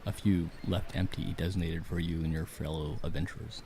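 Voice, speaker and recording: A man's voice: sits low, steady tone, fairly quick, warm tone, slight background noise. A man narrating a tabletop game as game master, mixing dramatic storytelling with casual rulings for the players.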